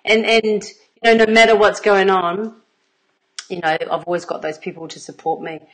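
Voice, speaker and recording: A woman's voice: medium pitch, level tone, normal speed, poor audio. A middle-aged woman, an intimacy coach telling stories in a casual livestream, earnest and rambling, with plenty of fillers and laughs between her thoughts.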